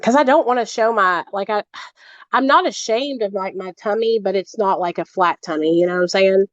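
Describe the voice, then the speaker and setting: A woman's voice: mid-range voice, brisk, muffled recording. A woman live-streaming, chatting casually and bluntly with plenty of swearing while she shops.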